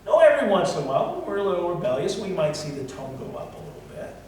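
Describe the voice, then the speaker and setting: Middle-aged male pastor, high-pitched and blunt, recorded far off in an echoey church hall. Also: sing-song, rapid-fire. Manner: blunt, swings from loud to soft. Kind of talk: sermon. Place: church sanctuary.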